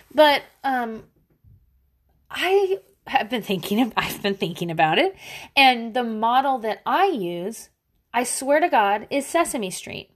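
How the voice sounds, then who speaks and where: A woman hosting a casual parenting monologue, candid and blunt, swearing freely, with animated asides. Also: on the high side. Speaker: parenting podcast host.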